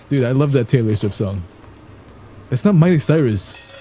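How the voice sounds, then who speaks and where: Mellow-voiced joking young man. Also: expressive, normal speed, pauses often, slight background noise. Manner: playful and joking, sings snatches of songs badly on purpose; laughs often, gets loud and high when amused. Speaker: streamer reacting to videos. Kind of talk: casual chat to viewers.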